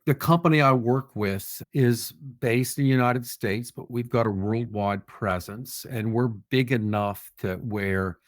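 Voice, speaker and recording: A man's voice: medium pitch, a little slow, hardly any pauses, no room sound, clean studio sound. Earnest man answering as a guest. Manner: earnest and reflective, light self-deprecating humor. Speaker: podcast guest, security officer. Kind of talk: conversational interview answers.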